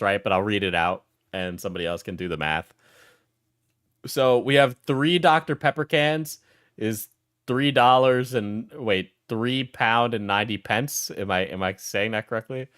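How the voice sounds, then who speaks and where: A man's voice: lowish voice, fairly bright tone, no echo, studio quality. A man streaming and reacting casually, laughing often and restarting his sentences.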